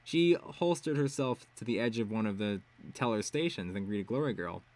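A man's voice: on the low side, animated, normal speed, darkish tone. A man reading a web serial aloud casually, with ad-lib asides and swearing. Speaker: reader.

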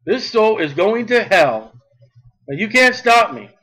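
A man's voice: high voice, big pitch swings, unhurried, a bit bright, exaggerated voice, rough recording. A man voicing the devil, a cocky and grumbling male figure with a blunt folksy drawl, in a sermon joke. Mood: gruff.

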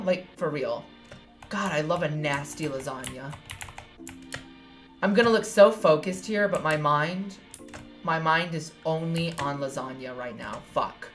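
A young New York woman, a gaming streamer, gives casual let's-play commentary in a low-pitched voice at a measured pace, with soft music playing behind her. She's playful and swears a lot, squealing whenever she jumps.

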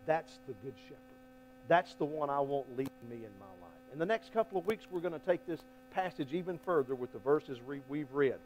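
A man preaching a sermon as pastor, folksy and emphatic, swinging between loud appeals and hushed lines. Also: fairly high pitch, expressive, brisk, highs cut off, faint music behind. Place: church sanctuary. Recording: faint mains hum.

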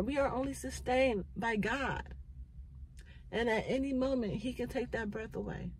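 A woman's voice: on the high side, animated, normal speed, a little mellow, a little hiss or hum, rough recording. A middle-aged woman, a mother, sharing an earnest faith-based reflection, repeating phrases for emphasis and holding back tears. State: near tears. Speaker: vlogger.

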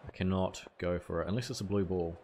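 Laid-back streamer, fairly low voice. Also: male voice, steady tone, quick pace, darkish tone, slight background noise. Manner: casual, swears, chats back to viewers. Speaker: gaming streamer. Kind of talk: live game stream commentary.

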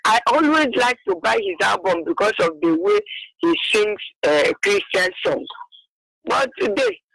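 Woman calling in, gravelly bright voice, dry sound, hurried and stumbling. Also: mid-range voice, huge pitch swings, no echo, low-quality recording. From Abakaliki, Nigeria. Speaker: caller. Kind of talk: phone-in call.

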